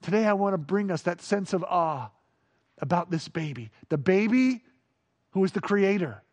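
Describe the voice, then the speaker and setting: A man with a strikingly high voice delivers a sermon. He drops into hushed, reverent passages, then lifts into playful, animated emphasis. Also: normal speed. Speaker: pastor.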